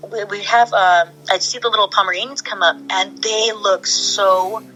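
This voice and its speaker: Woman, interview guest, bright crisp tone, chatty, gushing, frequent laughter. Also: medium pitch, steady tone, moderate pace, faint music behind, low-quality recording. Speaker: guest, former pro wrestler. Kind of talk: casual interview chat.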